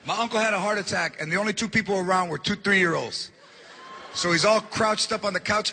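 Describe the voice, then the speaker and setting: A man doing stand-up, telling an animated family story. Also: high voice, fast, a little hiss or hum. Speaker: stand-up comedian.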